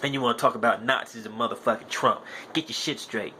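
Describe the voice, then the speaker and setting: Speaking fast in a medium-pitched, sharp-toned voice, a young podcast host rants with plenty of profanity. He drives every point home by repeating it insistently, and a little hiss or hum is audible.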